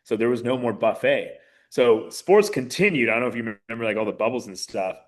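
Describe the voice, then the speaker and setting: A man in his thirties, a podcast guest, telling his story in a casual, animated way with many fillers. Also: mid-range voice, brisk. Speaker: podcast guest, mayoral candidate.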